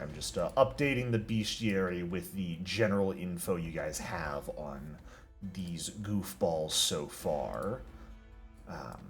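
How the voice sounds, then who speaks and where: A low-voiced man running a tabletop game as its game master. His pitch swings widely as he explains the rules and laughs along with the players. Soft music plays underneath.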